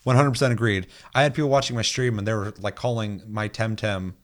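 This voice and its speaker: A man's voice: fairly low pitch, steady tone, fast talker. A young man hosting a gaming podcast in casual chat, reading listener comments aloud and telling stories with plenty of swearing. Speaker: podcast host.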